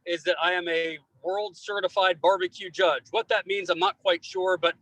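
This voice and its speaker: A man running for office, answering an interviewer's closing question in a folksy, emphatic way with lively anecdotes. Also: sits high, normal speed, no echo, poor audio. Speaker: political candidate.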